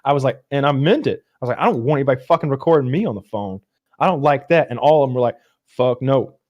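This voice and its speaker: A man's voice: medium pitch, fast talker, darkish tone, lo-fi sound. Guy on a podcast rambling through a story, acting out the quotes, laughing a lot, voice right in the middle. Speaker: podcast co-host. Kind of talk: casual podcast banter.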